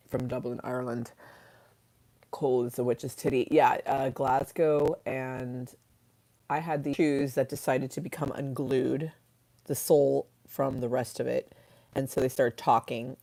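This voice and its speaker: Low, mellow-voiced woman chatting on a livestream. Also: creaky. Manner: chatty, swearing, laughing at her own stories. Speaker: livestream host reading chat. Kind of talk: casual livestream chat.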